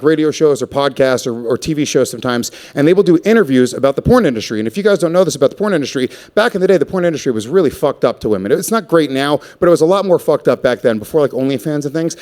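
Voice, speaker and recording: A man in his thirties works through a stand-up comedy set on stage. He is crude and profane and rambles from one bit to the next, throwing in quick asides as he goes. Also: mid-range voice, a little mellow.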